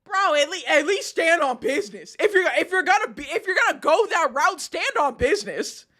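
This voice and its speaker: High, bright-voiced woman streamer mocking a clip. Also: brisk. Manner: mocking, laughing often, animated asides. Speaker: streamer reacting to videos. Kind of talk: casual live-stream commentary.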